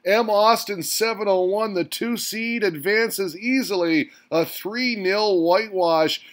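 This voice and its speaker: High-voiced hyped male darts announcer. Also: takes it slowly, a bit bright. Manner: hyped announcer delivery with exclamations. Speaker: host. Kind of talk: mock sports commentary.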